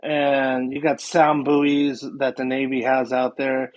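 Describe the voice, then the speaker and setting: A man's voice: mid-range voice, monotone, slow. A man, a guest paranormal investigator, chatting casually on a podcast and rambling with many fillers.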